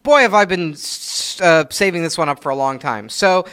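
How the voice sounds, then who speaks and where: Bright-voiced man rambling crudely. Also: a little high, normal speed, clear, resonant tone. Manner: rambling, lots of fillers and crude jokes. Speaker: podcast co-host. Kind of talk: casual comedic chat.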